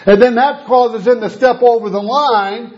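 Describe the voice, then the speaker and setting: A man's voice: very high voice, steady tone, normal speed, darkish tone. A man preaching a sermon, telling a story and acting out the voices of the people in it. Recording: dull lo-fi sound.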